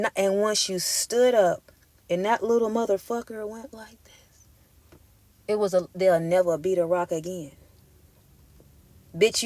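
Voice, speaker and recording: A tarot reader with a mid-range voice delivers her intuitive reading as an emphatic, profane pep talk in casual street slang. The recording has no echo.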